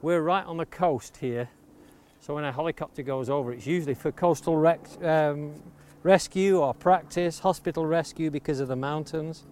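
At a moderate pace, a man with a fairly high, darkish-toned voice gives a hands-on woodcarving tutorial outdoors by the coast. He explains step by step how to shape a wooden blank with an axe, stressing safety, while chopping and clicks are clearly heard in the background.

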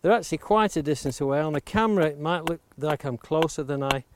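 A fast-talking man with a fairly high pitch leads a hands-on woodcarving demonstration outside near the coast. He covers each step of shaping a wooden blank with an axe and stresses safety, against clear background noise of chopping and clicks.

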